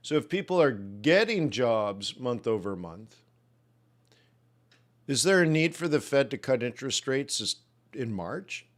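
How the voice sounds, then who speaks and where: A man with a medium-pitched, sing-song voice speaks at a measured pace. He's hosting a live trading webinar, musing loosely about jobs data and joking as he answers viewers' questions in the chat.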